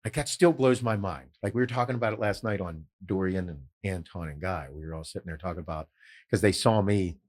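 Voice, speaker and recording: A middle-aged man hosting a podcast in casual, animated chat, swearing freely and telling stories. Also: deep voice, brisk. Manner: animated, swearing, storytelling with quoted voices. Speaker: podcast host.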